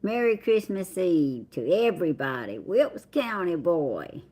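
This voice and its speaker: This middle-aged woman from the Southern United States has a fairly low, warm voice with big pitch swings and a slightly slow delivery. Hosting a livestream, she chats casually with viewers and greets them by reading their names in a drawl.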